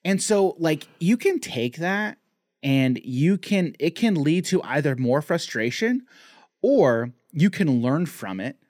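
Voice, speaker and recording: A man's voice: fairly high pitch, big pitch swings, slow pace, a little mellow, dry recording, studio quality. A man co-hosting a casual podcast, talking in loose rambling sentences full of restarts and fillers. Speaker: podcast co-host.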